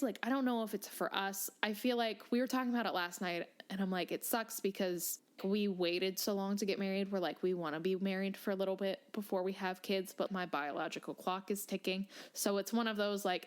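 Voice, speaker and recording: A young adult woman co-hosting a podcast, thinking aloud and reflecting in casual chat. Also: mid-range voice. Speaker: podcast co-host.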